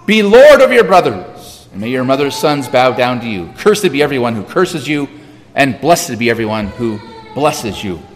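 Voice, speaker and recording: A man's voice: mid-range voice, big pitch swings, moderate pace, close to an everyday voice. A man voicing an aged blind father who gives solemn, declaiming pronouncements, heard with a long hall reverb. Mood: solemn blessing.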